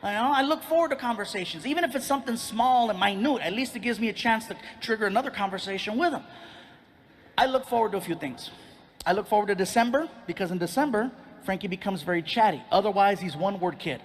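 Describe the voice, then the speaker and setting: A man doing a stand-up set, telling animated, exasperated stories about fatherhood to a live audience. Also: high-pitched, fast talker, a little hiss or hum. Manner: animated storytelling, exasperated dad. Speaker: stand-up comedian. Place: live stage before an audience.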